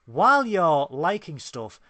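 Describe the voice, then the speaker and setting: A man's voice: a little high, very animated, takes it slowly, bright, forceful tone, no echo. A Northern English man co-hosting a podcast in casual chat. He jokes his way through plugs for links and channels. The sound is close and dry. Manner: jokey, plugging links and channels. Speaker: podcast co-host.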